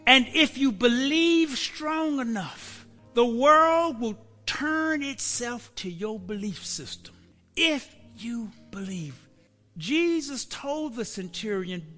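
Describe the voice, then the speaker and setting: Pastor, male, bright and piercing tone, preaching in a reverberant hall with soft music beneath. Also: high voice. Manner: preaching, swinging from hushed whispers to shouts. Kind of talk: sermon. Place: church.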